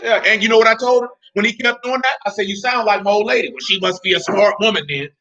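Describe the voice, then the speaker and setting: Blunt male Bible teacher, high and bright, slangy and emphatic, on a dull lo-fi recording. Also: quick pace.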